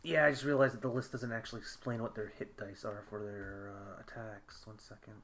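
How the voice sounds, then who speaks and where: A man playing a tabletop game, hesitant and halting as he looks up rules and spells. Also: on the low side, flat delivery, fairly bright tone, slight background noise. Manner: hesitant, many fillers and restarts while looking up rules. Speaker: player.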